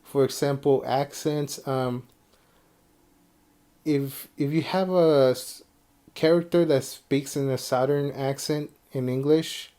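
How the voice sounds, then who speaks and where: A man's voice: mid-range voice, steady tone, takes it slowly, dark tone. A young man from the United States rambling casually about anime in his own vlog, with many fillers and restarts. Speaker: video creator.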